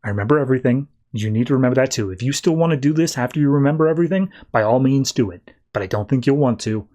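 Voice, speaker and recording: A man's voice: mid-range voice, quick pace, a little mellow, close to an everyday voice. A man voicing an awkward, rattled male superhero in a loose, casual tone. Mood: flustered. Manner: casual, rattled, self-deprecating.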